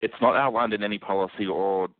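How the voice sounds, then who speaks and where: A man working as a customer service agent on a phone call, procedural and flat, calling the caller mate. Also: fairly low pitch, quick pace, dry recording. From Australia. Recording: dry tinny phone line.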